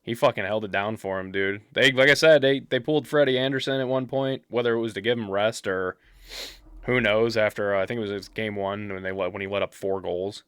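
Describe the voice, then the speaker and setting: A young man with a lowish, smooth, resonant voice chats about sports on a podcast. He talks bluntly and swears freely, getting animated as he retells what he saw. The sound is dry and close. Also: a little fast, no echo. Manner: blunt, profane, animated storyteller. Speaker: podcast co-host. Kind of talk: casual sports chat.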